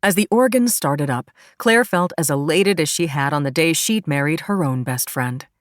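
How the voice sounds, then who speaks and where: A woman narrator with a notably low voice, reading an audiobook in a calm, even way. Her voice is recorded close to the mic and sounds dry, with no room echo. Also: normal speed. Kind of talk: scripted narration.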